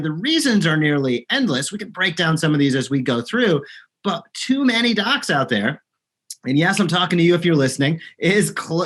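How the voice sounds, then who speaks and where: Brief: man, slightly high and bright voice, earnest emphatic interview guest. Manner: earnest, emphatic business talk. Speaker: guest, locum service provider. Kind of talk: podcast interview.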